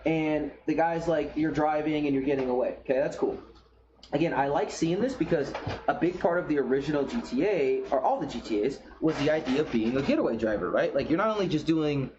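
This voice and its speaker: A man riffing through a game trailer in a loose, foul-mouthed way, opinionated and blunt. His voice sits a little on the high side. The recording sounds slightly dull, with a faint hiss behind it. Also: expressive, brisk. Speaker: gaming commentator. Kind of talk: casual reaction commentary.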